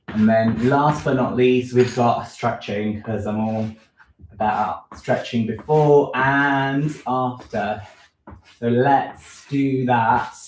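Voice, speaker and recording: Leading a casual live workout at home, a fitness vlogger of medium pitch talks through the moves, correcting himself and saying um often, a little winded. The room is echoey and background noise is audible.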